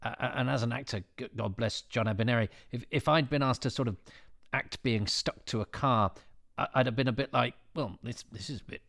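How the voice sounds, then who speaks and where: A man's voice: mid-range voice, brisk, vocal fry, a bit bright. A man chatting casually as a guest, hesitant and stammering as he gathers his thoughts. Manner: stammering, hesitant, self-deprecating. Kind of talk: casual commentary chat.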